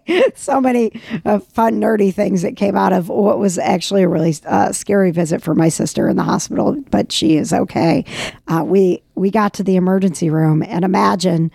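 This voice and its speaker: Woman, podcast co-host, loose chatty storyteller, gravelly fry in the voice. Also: mid-range voice, moderate pace, mellow, dry recording, studio quality. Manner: chatty storyteller, laughs often, many fillers. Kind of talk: casual chat. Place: home couch.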